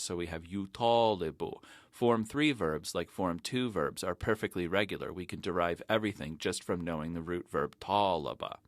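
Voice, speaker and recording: A man with a very deep, low voice gives a methodical grammar lecture, laying out each step clearly. The sound is dry and close, with no room around it. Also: fairly bright tone, no room sound. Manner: methodical, explanatory. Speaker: Arabic teacher.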